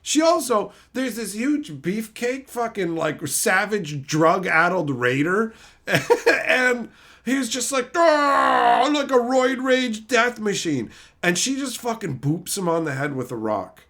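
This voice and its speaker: A man's voice: high voice, big pitch swings, measured pace, fairly bright tone. A man streaming and chatting casually, ranting about a show with frequent swearing and mocking put-on voices. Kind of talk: casual chat.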